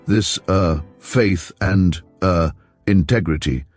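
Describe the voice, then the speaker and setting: A man voicing a fussy, mild middle-aged investigator who speaks softly and pedantically, low in pitch, for an audiobook. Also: slow, no echo, faint music behind. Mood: prim.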